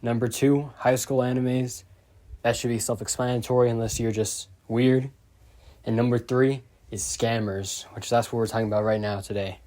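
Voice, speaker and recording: A man talks over his screen recording in an unpolished, rambling storytime voice. His pitch sits in the ordinary middle range for a man. He sounds exasperated and swears freely as he rants. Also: steady tone, moderate pace, darkish tone. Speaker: YouTuber. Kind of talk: casual storytime rant.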